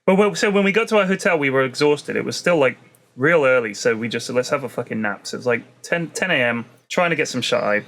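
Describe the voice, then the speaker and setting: A man's voice: mid-range voice, animated, quick pace, a bit bright. A man co-hosting a podcast, telling a sweary travel story in casual chat and acting out the quotes. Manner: swears a lot, acts out quotes in anecdotes. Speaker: podcast co-host.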